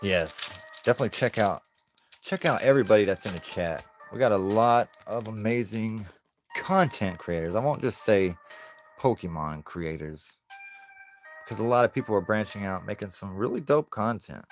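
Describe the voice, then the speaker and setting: A man's voice: on the low side, lively intonation, normal speed, faint music behind. A man chatting casually on a live stream as he opens card packs, easygoing and laughing often.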